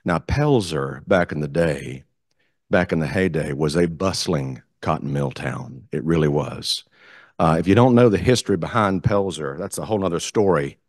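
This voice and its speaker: A man telling a story as guest speaker at a club meeting, animated, acting out the quotes. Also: very deep voice, moderate pace, no room sound, clean studio sound. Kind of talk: storytelling speech. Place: meeting room.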